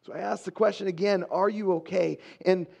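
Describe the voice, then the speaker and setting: Pastor guy, kinda high voice, earnest chatty sermon, stops to let stuff sink in. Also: steady tone, gravelly, darkish tone. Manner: earnest, conversational preaching with pauses.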